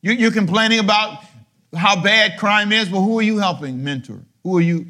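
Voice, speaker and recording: Middle-aged male pastor, fairly high voice, lively sermon delivery with rhetorical questions. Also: moderate pace. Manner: animated preaching, rhetorical questions; swings from low murmurs to loud high emphasis.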